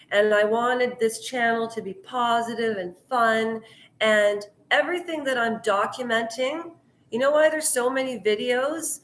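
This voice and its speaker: A woman's voice: fairly high pitch, a bit bright, reverberant. A middle-aged woman from Canada talking in a heated, earnest vlog monologue. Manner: heated, earnest, talks of her anger. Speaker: YouTuber.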